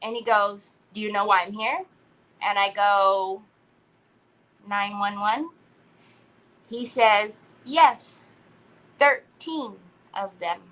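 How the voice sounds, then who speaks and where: A woman's voice: medium pitch, slow, pauses often, a bit bright, rough recording. A middle-aged woman hosting a craft livestream, chatting casually from a parked car and telling a story while greeting viewers by name.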